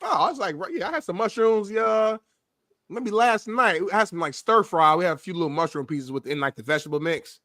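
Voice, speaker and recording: A young man co-hosting a sports talk show, quick to tease his partner in slangy banter. His voice sits high and sounds bright and sharp. The recording is dry and close. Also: expressive, no echo. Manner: teasing, slangy, quick to joke.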